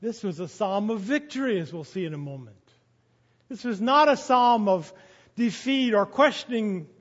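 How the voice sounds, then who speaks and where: A man preaching a sermon, going from quiet to loud when he quotes scripture. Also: high voice, expressive, normal speed. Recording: dull sound with long reverb of a hall.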